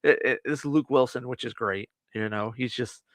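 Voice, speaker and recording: A man co-hosting a casual movie review podcast, retelling the plot in lively fashion and acting out the characters' lines. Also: mid-range voice, normal speed, no echo, studio quality. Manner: animated retelling, acts out quotes with laughs. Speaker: podcast co-host.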